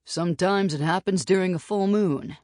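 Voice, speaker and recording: A woman playing a steady frontier bounty hunter, calm and plain-spoken. He explains things evenly. Close, dry audiobook sound. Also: on the low side, normal speed, no room sound, pitched above the performer's own voice, natural voice.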